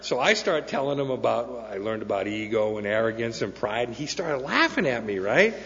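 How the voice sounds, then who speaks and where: A man's voice: medium pitch, lively intonation, fairly quick, a bit bright, slight background noise. A man sharing a personal story at a recovery meeting, earnest and peppered with "okay?" and "right?". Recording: dull sound with long hall echo.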